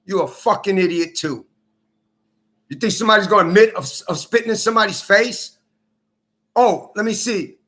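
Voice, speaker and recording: Bright-voiced man ranting bitterly. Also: high voice, animated, normal speed. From Minnesota. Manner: bitter, accusing, repetitive, profane. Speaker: vlogger. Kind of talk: angry personal rant to camera.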